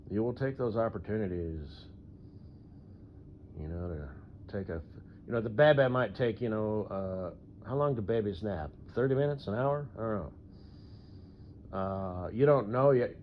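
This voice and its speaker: A man rambling through a solo audio monologue, full of fillers and frequent throat clearing. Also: on the low side, lively intonation, a little slow, long pauses, a little hiss or hum. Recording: dull lo-fi recording.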